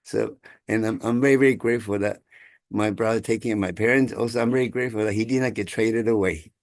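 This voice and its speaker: A man, telling a family story over a video call in halting, chuckling speech. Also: on the low side, steady tone, no room sound, studio quality. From Taiwan. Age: 60s. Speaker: congregation member sharing gratitude. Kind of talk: casual storytelling.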